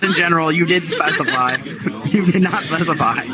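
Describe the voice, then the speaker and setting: A man joining a casual chat, teasing and laughing in quick banter. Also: a little high, very noisy. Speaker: chat participant.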